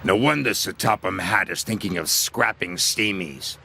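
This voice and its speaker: A man voicing a sneering, boastful male diesel engine in a storybook reading, with a gravelly, taunting delivery. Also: deep voice, moderate pace, pushed and bright, slight background noise, full character voice. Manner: taunting and showing off.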